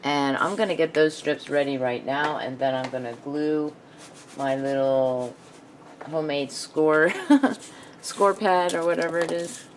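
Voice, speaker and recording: A woman's voice: low voice, fairly even intonation, unhurried, slight background noise. A woman hosting a casual craft video, talking herself through each step as she measures and cuts. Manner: thinks aloud while working, self-talk. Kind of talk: casual craft tutorial narration.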